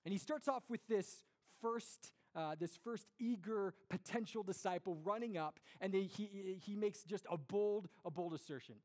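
A young man giving an earnest, conversational sermon to a congregation, with lively storytelling and rhetorical questions. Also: high voice, moderate pace, hardly any pauses. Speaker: pastor.

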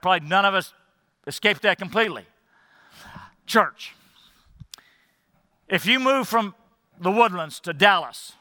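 A man's voice: sits high, sharp tone, no room sound, big-room sound. A male pastor preaching a sermon emphatically, appealing directly to the congregation.

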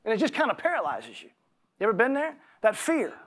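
A man preaching a sermon, reading scripture slowly and emphatically between stretches of conversational storytelling. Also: extremely high pitch, wildly swooping pitch, a bit bright.

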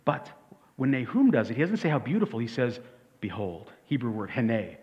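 A man's voice: mid-range voice, big pitch swings, moderate pace, darkish tone. A man preaching a sermon as pastor, emphatic and conversational, asking his congregation rhetorical questions. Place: church sanctuary. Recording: dull audio with long hall reverb.

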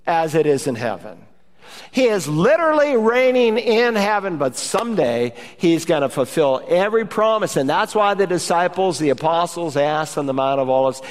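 A male pastor preaching a sermon in an animated way, often raising his voice for quoted hallelujahs and amens. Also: on the high side, normal speed. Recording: reverberant church hall.

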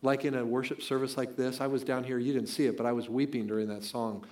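A man's voice: medium pitch, little pitch movement, fast talker, darkish tone. A middle-aged man preaching a conversational, emphatic sermon as pastor in a church sanctuary.

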